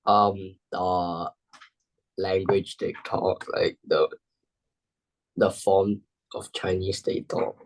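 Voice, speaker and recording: A young Singaporean man answers his teacher slowly in a lowish voice. He hesitates often and fills the gaps with ums and likes. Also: level tone, poor audio. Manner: hesitant, halting, many fillers. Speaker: student. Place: classroom.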